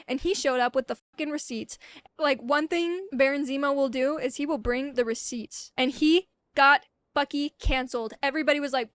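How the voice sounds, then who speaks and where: Woman, high voice, irreverent, rambling, swears freely, casual comics history rant, dry close sound. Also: moderate pace, a bit bright, dry recording.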